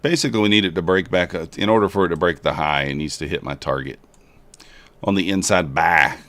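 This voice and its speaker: A man casually commenting live while trading and chatting with viewers in a relaxed, joking way. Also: sits low, brisk, dry recording. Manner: relaxed, chatty, jokes with chat. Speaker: livestream trader.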